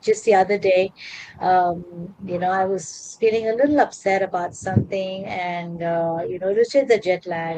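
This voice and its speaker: A woman's voice: medium pitch, a little hiss or hum, poor audio. A woman co-hosting a podcast, talking in an earnest, casual way with many fillers and restarts. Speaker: podcast co-host. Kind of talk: casual chat.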